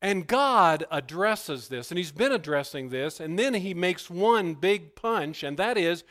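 A man preaching as pastor, who prays softly and then tells stories with animated, emphatic bursts. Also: a little slow. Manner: animated storytelling, rising to loud emphatic bursts; hushed, low prayerful delivery. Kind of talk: sermon with opening prayer.

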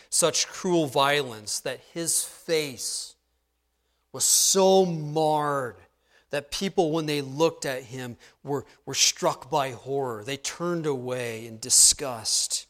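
A man preaching an expository sermon, asking his listeners questions and swinging between loud emphatic proclamation and hushed, slow solemnity. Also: medium pitch. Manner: asks the congregation questions. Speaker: pastor.

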